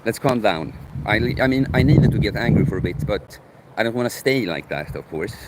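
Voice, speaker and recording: A man's voice: on the low side, animated, fairly quick, heavy background noise. A man, live-streaming while he works out, talking bluntly and profanely to his viewers. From Sweden.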